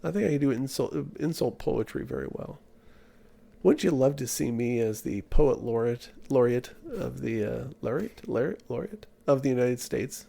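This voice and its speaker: Man in casual podcast chat, gravelly, husky, mellow tone, joking and self-deprecating. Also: mid-range voice, animated, moderate pace. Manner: joking, self-deprecating, stumbles and repeats words. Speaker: podcast co-host.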